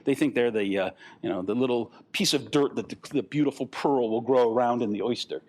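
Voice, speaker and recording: An older man giving a conference talk, animated and rambling, acting out the voices of the people in his stories. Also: mid-range voice, a little fast. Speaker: guest speaker.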